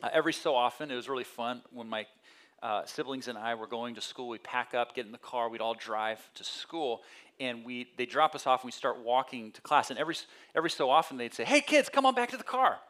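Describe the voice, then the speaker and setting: A male pastor giving a conversational sermon, telling personal stories and acting out voices with lively energy. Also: mid-range voice, brisk. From California. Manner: conversational storytelling with animated quoted voices.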